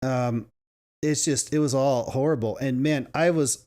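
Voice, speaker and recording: Man, podcast co-host, casual rambling chat, mid-pitched voice. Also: unhurried, mellow. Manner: rambling, laughs often, restarts sentences.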